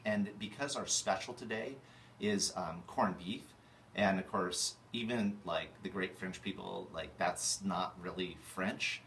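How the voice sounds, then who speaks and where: Brief: very deep male chef, halting ad read, faint hiss behind. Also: fairly even intonation, fairly bright tone, roomy sound, recorded from a distance, rough recording. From California. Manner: hesitant, many fillers and restarts. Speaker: chef recording a radio ad. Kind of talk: unscripted ad read.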